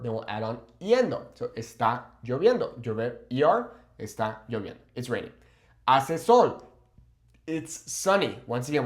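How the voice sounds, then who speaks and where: A man teaching a casual video lesson. He checks in with "okay?" again and again and slows down to model phrases. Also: mid-range voice, echoey room. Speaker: Spanish teacher.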